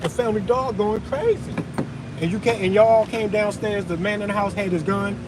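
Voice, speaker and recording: A man's voice: high voice, moderate pace, noisy background. A man ranting profanely on a livestream, outdoors in a parking lot. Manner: profane, heated ranting, conversational slang. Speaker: open carry vlogger.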